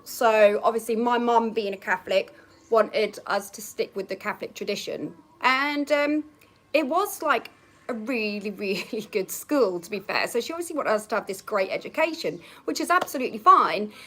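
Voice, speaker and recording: A woman's voice: fairly high pitch, fairly bright tone. Chatty woman telling a story outdoors. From England, Norfolk. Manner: chatty, laughs often, acts out remembered lines. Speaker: vlogger. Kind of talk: casual storytelling. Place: outdoors on a balcony.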